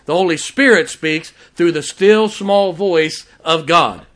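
Guy preaching in church, kinda high voice, gets loud on the big points then goes quiet. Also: takes it slowly. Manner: preaching with sudden loud emphasis and quiet asides. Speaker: pastor. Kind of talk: sermon. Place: church sanctuary.

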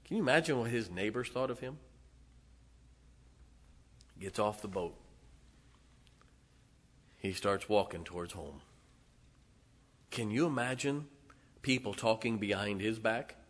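A male preacher delivering a sermon, retelling a story dramatically with sudden loud swells and hushed drops. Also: on the low side, lively intonation, unhurried, pauses often.

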